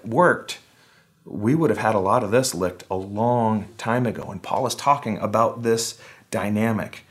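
A man's voice: lowish voice, expressive, a little slow. A man preaching a casual, conversational sermon online, with wry humor, acting out the voices he quotes. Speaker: pastor.

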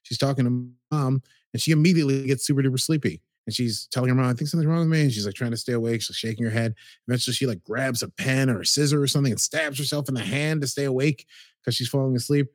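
A man co-hosting a podcast, retelling a TV episode in a casual, animated way. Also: mid-range voice, dry recording, studio quality. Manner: animated storytelling, slips into quick quoted voices. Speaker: podcast co-host recapping a TV episode. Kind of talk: casual recap chat.

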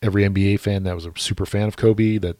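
Deep-voiced dude, laid back, agreeable podcast chat, dry mic. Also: male voice, very fast, no room sound. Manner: relaxed, agreeable, lots of short affirmations. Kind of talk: casual chat.

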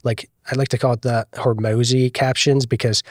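A man talks through video advice in a loose, easygoing way, sprinkling his sentences with fillers. His voice sits at an ordinary pitch, and the recording is close and dry with no room sound. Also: normal speed, no echo. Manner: relaxed, explains with many "like" fillers. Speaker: guest video producer. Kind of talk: casual podcast interview.

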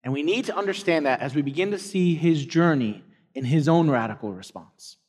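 Guy preaching, chatty storytelling with repeated punchlines, high voice, long echo. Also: lively intonation, fairly quick, darkish tone. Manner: conversational storytelling preaching, emphatic repetition. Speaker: pastor. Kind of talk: sermon. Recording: long hall reverb.

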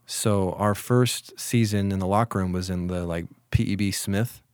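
A man in his forties, a former college football player, telling stories in a relaxed, reflective way during an interview, with many restarts. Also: low voice, normal speed, smooth, no room sound, studio quality. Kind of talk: casual storytelling in an interview.

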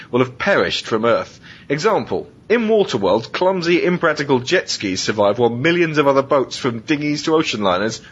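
A man's voice: fairly bright tone, slightly rough. A man hosting a casual podcast chat, reading out film clichés and joking, swearing and laughing often. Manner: sweary, jokey, laughs often, does quick silly voices. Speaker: podcast host. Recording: dull lo-fi podcast audio with faint rumble.

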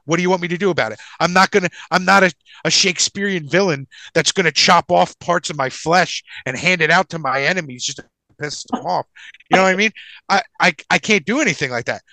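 A young man telling a story in casual podcast chat, animated and swearing freely, acting out the people in his story. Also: sits high, quick pace, no room sound. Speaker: podcast co-host.

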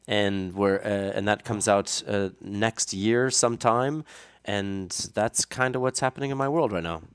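Low smooth-voiced man, relaxed guest. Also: a little slow, dry recording, clean studio sound. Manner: relaxed, self-deprecating, rambling with restarts. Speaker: podcast guest. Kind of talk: casual chat.

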